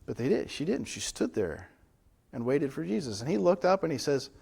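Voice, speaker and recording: A man's voice: a little high, sing-song, moderate pace, creaky, a little mellow, husky. A man preaching as pastor in a church, teaching from the Bible in a conversational way and often checking in with rhetorical questions. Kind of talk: Bible study sermon.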